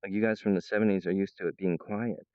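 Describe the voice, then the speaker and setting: A man rambling to his viewers, jumping between topics and laughing mid-sentence, now and then mimicking others in a high voice. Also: fairly even intonation, fast, smooth, no echo, muffled recording. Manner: acts out other people's voices in a high pitch.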